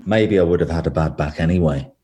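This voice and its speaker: A man's voice: low voice, quick pace, dark tone. A man telling rambling, self-deprecating stories as a guest in a casual interview.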